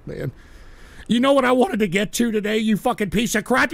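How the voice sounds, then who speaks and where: A livestream radio show host rants angrily in a high, gravelly voice with a sharp, bright edge that cuts through. Expressive and at normal speed, he swears constantly, reads chat and yells at it between bouts of weary grumbling. The recording is very dry and close.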